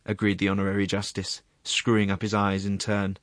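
A man narrates a classic story in a low, measured voice with a deadpan touch. He sits close to a studio mic, and the sound is dry with no room echo. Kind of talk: audiobook narration.

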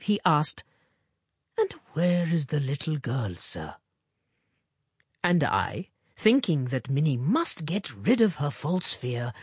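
A woman narrating a classic short story in a measured, expressive storytelling manner, as an audiobook reader. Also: rumbling low, breathy edge, no room sound, studio quality.

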